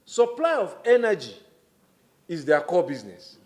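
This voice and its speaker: A middle-aged man with a Nigerian accent, speaking as a government minister giving formal testimony at a public hearing, with measured, deliberate emphasis. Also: high-pitched, huge pitch swings, darkish tone.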